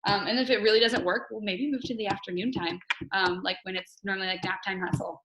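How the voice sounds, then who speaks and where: A woman's voice: mid-range voice, steady tone, fast talker, reverberant, background noise. A woman coach hosting a casual team video call, chatty and candid, often laughing as she talks.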